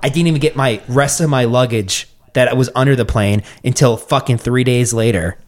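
A man telling a story on a casual podcast, animated and swearing often, acting out what people said. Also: mid-range voice, moderate pace. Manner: animated storyteller, swears a lot, acts out quotes. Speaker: podcast co-host.

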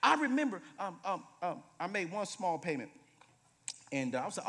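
Thirties male preacher, lively and comic, booming in a live sanctuary, slightly higher register. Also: normal speed, slightly rough. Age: 30s. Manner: animated, humorous, swings from loud to hushed. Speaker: guest preacher. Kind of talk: sermon with storytelling. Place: church sanctuary. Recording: reverberant church hall.

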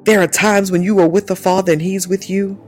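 A woman preaches with fervent, repeating urgency and speech, calling out again and again as her pitch climbs and falls. Faint music plays under her voice. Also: steady tone, a little fast, darkish tone. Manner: fervent, repeats "listen" and "my God", speaks in tongues. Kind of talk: charismatic sermon.

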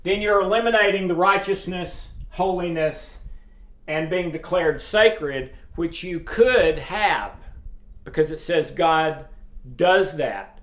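A man giving an informal sermon, earnest and emphatic, with frequent pauses and fillers. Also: high voice, fairly bright tone. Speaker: preacher. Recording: roomy echo.

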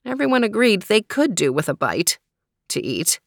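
A woman narrating a children's storybook in a steady, measured way. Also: medium pitch, no echo, studio quality. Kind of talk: storybook reading.

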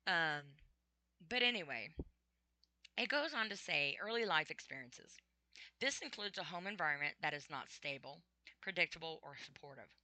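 A woman's voice: on the low side, bright, forceful tone, dry recording. A middle-aged woman talking about her life in a casual personal monologue, chatty and full of ums and laughs. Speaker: vlogger.

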